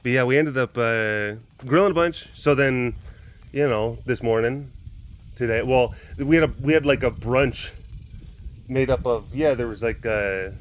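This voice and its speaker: A man's voice: mid-range voice, measured pace. Rambling casual man at home. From Dallas-Fort Worth area, Texas. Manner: rambling, talks to pets in a soft voice. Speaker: podcast host. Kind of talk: casual chat.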